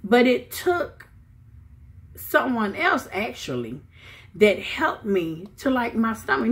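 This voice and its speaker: A middle-aged woman giving casual motivational advice to her viewers, animated and chatty with asides. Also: on the high side, a little slow. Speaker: vlogger giving life advice. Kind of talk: casual motivational talk to camera.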